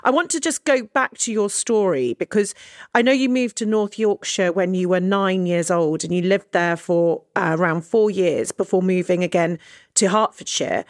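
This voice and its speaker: A woman's voice: on the low side, moderate pace, no echo, clean studio sound. A young woman interviewing a guest, enthusiastic and affirming as she leads her questions. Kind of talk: interview conversation.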